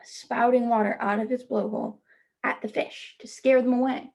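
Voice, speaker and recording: A woman teacher reading a children's picture book aloud, stopping to gently ask her young listeners questions. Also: on the high side, fairly even intonation, normal speed, gravelly. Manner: speaks to children as "friends".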